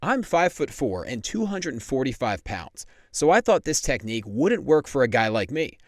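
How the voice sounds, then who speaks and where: A man's voice: mid-range voice, sing-song, normal speed, no echo, natural voice. A man reading out a grateful customer's testimonial in an earnest, confessional way, close to his own voice. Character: shy heavyset man giving a grateful testimonial.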